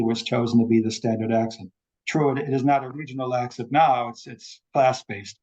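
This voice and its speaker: A man with a husky, slightly breathy voice lectures in an explanatory way over a video call. He repeats words to show how they sound. The audio is dull and lo-fi, as from a call microphone. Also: medium pitch, darkish tone. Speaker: invited speaker on accents. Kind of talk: academic talk on a video call.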